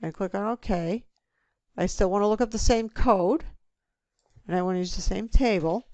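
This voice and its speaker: A woman teaching a spreadsheet lesson, talking through each click step by step in a relaxed way. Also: mid-range voice, moderate pace, no echo. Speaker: instructor. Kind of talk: screen-recorded software tutorial.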